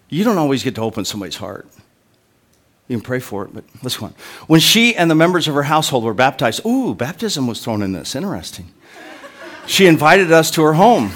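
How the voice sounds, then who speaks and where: A man's voice: mid-range voice, fairly bright tone. A male pastor preaching a sermon in a conversational way, breaking off into joking asides to his listeners.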